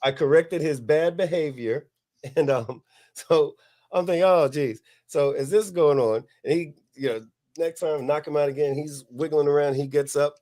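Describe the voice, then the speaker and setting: A middle-aged man, hosting a podcast and telling a long, profane story in a relaxed way, laughing as he goes. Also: a little high, moderate pace. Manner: laid-back, profane, laughs at his own story. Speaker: podcast host. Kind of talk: casual storytelling.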